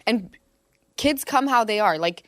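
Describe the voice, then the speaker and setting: A woman in her thirties hosting a podcast, chatty and quick to laugh, telling long anecdotes about family life. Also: a little high, animated, a bit bright, dry recording, clean studio sound. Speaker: podcast host. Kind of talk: casual chat.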